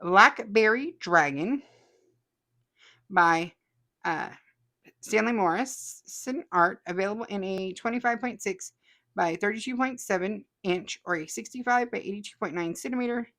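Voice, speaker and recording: A woman's voice: mid-range voice, a little slow, bright, forceful tone. A woman hosting a casual stream, chatting and reading viewer comments aloud with frequent laughs. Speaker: host.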